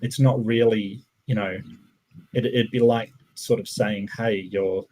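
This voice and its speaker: Husky low-voiced man musing. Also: steady tone, measured pace, mellow, poor audio. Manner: musing, meandering with many restarts. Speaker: podcast host. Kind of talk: casual conversation.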